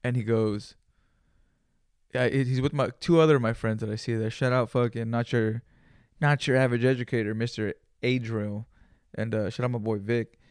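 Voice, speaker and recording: A man hosts a solo podcast, telling a casual story in an animated, profane, slangy monologue with Spanish words mixed in. His mid-range voice is clear and resonant at a moderate pace, recorded dry with clean studio sound.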